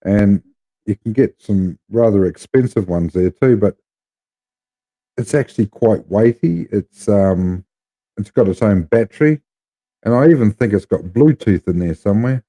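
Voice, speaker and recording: Brief: Kiwi-accented man, low mellow voice, rambling and blunt, relaxed chat with his viewers. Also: measured pace. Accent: New Zealand. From New Zealand. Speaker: live streamer.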